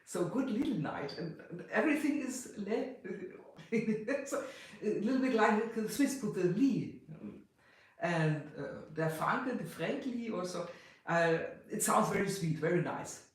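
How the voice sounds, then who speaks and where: A German man from Hanover with a German accent, chatting casually on a livestream, halting and laughing often. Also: sits high, expressive. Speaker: livestream host. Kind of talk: casual chat. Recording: very echoey room.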